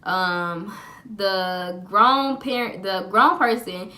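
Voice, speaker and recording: A woman's voice: mid-range voice, extremely slow, sharp tone. A young woman vlogger telling a personal story to camera in a chatty, profane, dramatic way.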